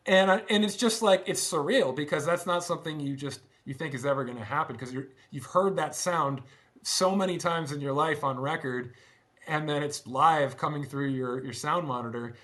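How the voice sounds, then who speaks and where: Animated man telling stories, higher pitched. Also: moderate pace. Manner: animated, laughs often, restarts and stumbles while recounting. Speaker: guest, former band drummer. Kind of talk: casual conversational storytelling.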